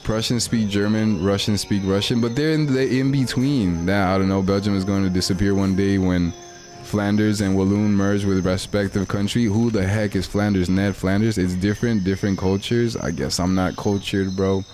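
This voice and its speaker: A man's voice: fairly low pitch, moderate pace, darkish tone, faint music behind. Slangy young man streaming. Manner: slangy, rambling, laid-back. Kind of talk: casual livestream chat.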